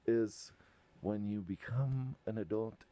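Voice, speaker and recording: A man's voice: fairly low pitch, slow, warm tone. A young man hosting a podcast, chatting casually and laughing as he retells a sitcom episode in a rambling way. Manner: laughs often, rambling retelling with quoted lines. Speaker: podcast host.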